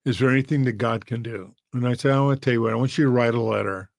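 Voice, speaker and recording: A man's voice: mid-range voice, rapid-fire, gravelly, dry recording. A man, a pastor, telling an emotional story in an earnest, heartfelt way. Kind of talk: storytelling sermon.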